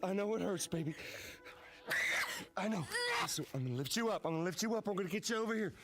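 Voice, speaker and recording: A man's voice: high voice, expressive, fast, background noise. An actor playing a desperate father pleading over his injured daughter in a game cutscene, sobbing and broken. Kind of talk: video game cutscene acting. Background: heavy game score music.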